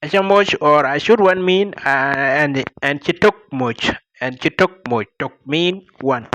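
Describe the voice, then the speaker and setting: A man's voice: on the high side, a little slow, a bit bright, dry recording. A man with a Dinka accent teaching a language lesson, repeating each phrase and explaining it word by word.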